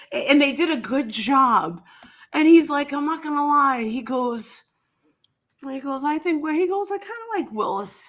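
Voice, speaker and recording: A woman with a high voice tells a rambling story in casual chat. She swears freely, laughs through her lines and drops into a low voice to quote others. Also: expressive, measured pace, pauses often.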